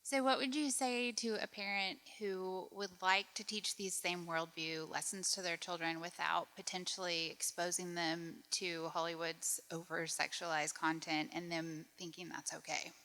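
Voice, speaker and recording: A woman with a somewhat low, bright voice reads out a question to the panel in a measured, formal way. Her words echo through a church hall with long reverb. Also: fairly even intonation. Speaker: moderator.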